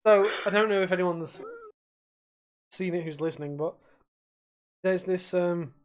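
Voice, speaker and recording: A man's voice: high voice, a little slow, noisy background. A young man co-hosting a podcast, ranting and swearing in casual chat about life as a bartender. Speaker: podcast co-host.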